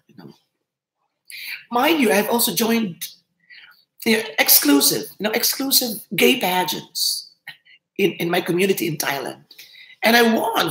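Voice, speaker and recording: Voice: medium pitch, a bit bright. A host in their fifties with a Filipino accent, chatting casually on a livestream and laughing often. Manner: chatty, laughs often, switches between English and Tagalog. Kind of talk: casual live chat. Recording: roomy echo.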